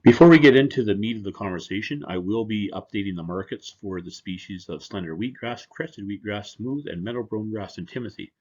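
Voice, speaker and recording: A man giving a casual, joking conference presentation with a low, husky voice. The sound is dull and lo-fi. He speaks like a company representative addressing an audience of growers. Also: fairly quick, few pauses, a little mellow. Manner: conversational, joking.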